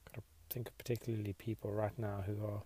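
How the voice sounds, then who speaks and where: Reflective male podcast host leading a slow meditation, low-pitched, husky, very even tone. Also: noisy background. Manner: slow, reflective, soft-spoken.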